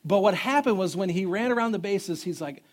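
A man's voice: high-pitched, fairly quick. A man in his thirties preaching a sermon as pastor, telling stories in a conversational, humorous way. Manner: storytelling, conversational and animated with humor.

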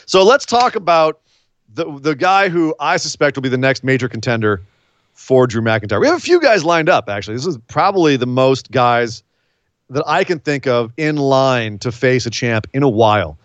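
A man chatting casually as a podcast host, his pitch swinging widely as he talks, often breaking into laughter between quick asides. The sound is dull and lo-fi, with a dry, close feel and no room echo. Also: big pitch swings, a bit bright. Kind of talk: casual wrestling chat.

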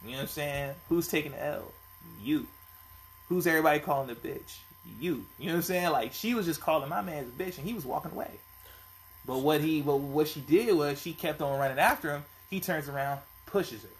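Animated man telling a story, slangy. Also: on the high side, brisk, slight background noise, rough recording. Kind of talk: casual chat.

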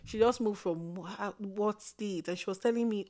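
A woman's voice: medium pitch, fairly quick, mellow. A woman from Nigeria co-hosting a casual podcast chat, talking earnestly and often restarting her phrases. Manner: earnest, restarts and repeats words while searching for phrasing. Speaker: podcast co-host.

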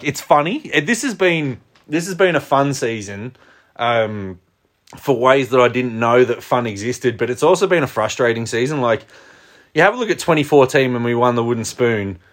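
A man in casual sports chat, animated and swearing, with many restarts. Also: mid-range voice. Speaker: podcast co-host.

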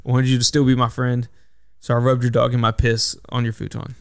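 Profane rambling young man, clear dry voice. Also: medium pitch, completely flat delivery, a little fast, dry recording. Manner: rambling, profane, self-correcting storyteller. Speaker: podcast host. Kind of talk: casual solo podcast storytelling.

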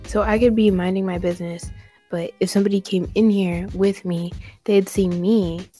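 A woman's voice: mid-range voice, fairly even intonation, normal speed, mellow, faint music behind. A young American woman hosting a casual chat, talkative and teasing, full of likes and fillers. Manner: chatty, filler-heavy, teasing. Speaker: host.

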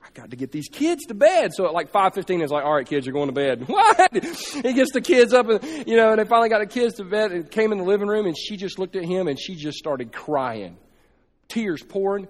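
A man's voice: high-pitched, animated, brisk. A man preaching a sermon to a congregation and telling a story, acting out its dialogue in voices. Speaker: pastor. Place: large church hall. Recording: sermon clip in a reverberant hall.

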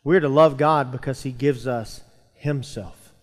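Speaking a little slowly in a mid-range voice, a male pastor preaches to his church congregation, building intensity and calling out to those listening. The sanctuary sounds like a large hall.

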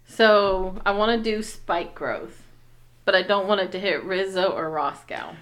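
Bright-voiced woman playing a tabletop game. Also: medium pitch, a little slow. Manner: reads rules aloud, methodical. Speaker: player. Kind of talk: casual tabletop game play.

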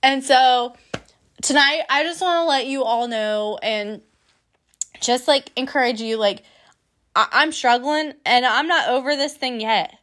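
Young woman, higher register, chatty faith testimony, earnest, laughs easily. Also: measured pace, a bit bright. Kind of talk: casual personal faith testimony.

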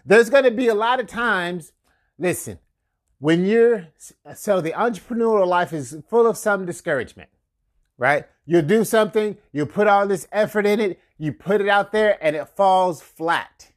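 A man with a high-pitched voice hosts a marketing podcast and coaches listeners on business. He talks in a lively, conversational way, chuckles often and hammers home catchphrases. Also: moderate pace. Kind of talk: casual motivational talk.

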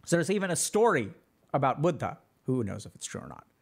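A man hosting a livestream, explaining ideas to his chat in a relaxed, slangy way full of fillers. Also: mid-range voice, fast talker, gravelly, husky. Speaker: livestream host answering chat. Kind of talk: casual teaching chat.

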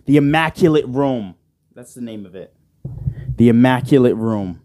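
A man's voice: medium pitch, lively intonation, normal speed, dark tone, no echo, soft background music. A man hosting his own podcast alone, rambling and joking with plenty of swearing, talking into a studio microphone. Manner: rambling, profane and joking, with frequent "bro". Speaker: podcast host. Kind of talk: casual solo podcast chat. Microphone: side-address studio microphone.

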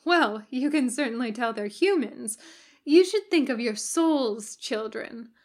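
A woman reading a story aloud, voicing a gentle, bookish male angel with a prim, fluttery manner. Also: fairly high pitch, lively intonation, unhurried. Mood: stern.

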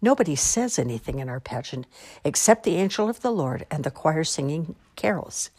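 Woman doing a patient mom running a kids' rehearsal, gently correcting, voice swoops around a lot. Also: low-pitched, big pitch swings, moderate pace, breathy edge, full character voice. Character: patient, flustered mother directing a pageant.

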